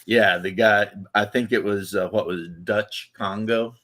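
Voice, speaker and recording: A man's voice: on the low side, steady tone, measured pace, a bit bright. Rambling, laughing man in casual chat. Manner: rambling, laughs often, loose fillers. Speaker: podcast host.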